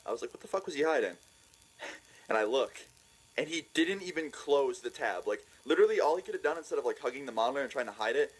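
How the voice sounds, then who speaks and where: Fast-talking young man telling a story. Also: mid-range voice, husky, poor audio. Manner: excitable, profane, laughs while telling. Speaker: vlogger. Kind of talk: storytime vlog.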